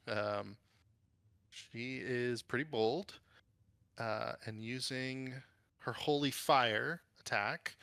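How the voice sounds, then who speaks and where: A man's voice: mid-range voice, gravelly, pushed and bright, dry recording. A man narrating a tabletop game as game master, describing the action in detail.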